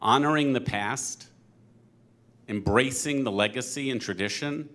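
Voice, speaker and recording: A man speaking at a panel conversation as a company co-president, earnest and halting, getting teary. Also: medium pitch, fairly bright tone. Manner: earnest, emotional, halting with fillers. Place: synagogue event hall.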